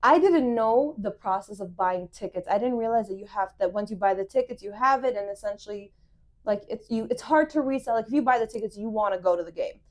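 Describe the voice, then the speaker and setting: Fast-talking young woman telling a dating story. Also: medium pitch. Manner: animated, quotes people in lively voices. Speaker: podcast co-host. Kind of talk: casual storytelling chat.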